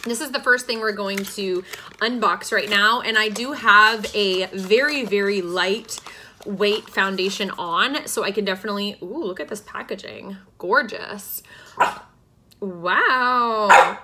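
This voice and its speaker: A woman's voice: medium pitch, a little slow, sharp tone, slight background noise. A woman hosting a casual skincare unboxing at home, gushing with enthusiasm as she talks through each product. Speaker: beauty vlogger and podcast host.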